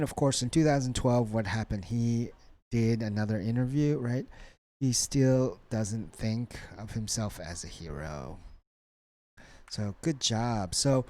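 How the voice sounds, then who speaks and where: A man's voice: mid-range voice, lively intonation, measured pace, darkish tone. A man teaching a college English lesson, prompting students with a repeated "right?" after each cue word.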